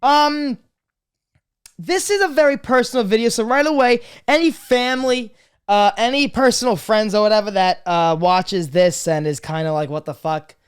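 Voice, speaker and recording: A man's voice: very high voice, moderate pace, clear, resonant tone. Crude, swearing young man vlogging. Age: 20s. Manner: crude, swearing, jumps between loud jokey greetings and quiet serious talk. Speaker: podcast host. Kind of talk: casual confessional vlog monologue.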